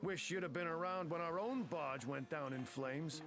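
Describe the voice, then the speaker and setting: A man's voice: a little high, moderate pace, loud music behind the voice, lightly acted. A man playing a grumbling British sailor. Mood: rueful. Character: stranded male merchant sailor, grumbling.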